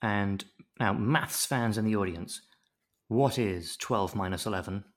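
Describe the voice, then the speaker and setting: The voice belongs to a man who talks slowly and easily in a lowish tone. He's one of the hosts of a podcast recapping a TV episode, and the laid-back, animated chat has him jokingly voicing quotes in different characters.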